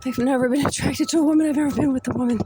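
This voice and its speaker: A woman's voice: sits high, steady tone, rapid-fire. A woman filming herself on the street, agitated and out of breath as she explains. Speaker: vlogger filming a street encounter. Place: city street outdoors. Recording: loud street noise on phone.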